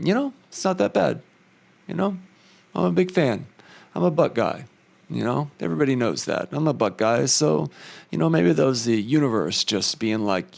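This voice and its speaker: A man's voice: fairly low pitch, creaky. A man doing a casual, rambling comedy monologue, reading jokes aloud and riffing on them with plenty of fillers and a slight put-on southern drawl. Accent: slight put-on southern American drawl. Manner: rambling, self-deprecating joke reading with fillers.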